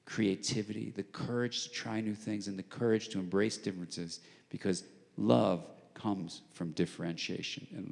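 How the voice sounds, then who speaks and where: Before a live audience, a man with a gravelly, medium-pitched voice gives a public lecture as a guest speaker in a large arts center auditorium. The recording carries a big hall's long reverb. He explains ideas in a chatty way, acts out dialogue, and goes hushed for emphasis.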